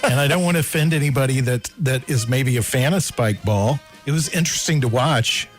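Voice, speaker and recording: A man with a mid-pitched voice co-hosts a sports talk radio show and thinks aloud in a rambling way. Soft music plays faintly under him. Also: brisk. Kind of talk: casual sports radio chat. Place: radio studio.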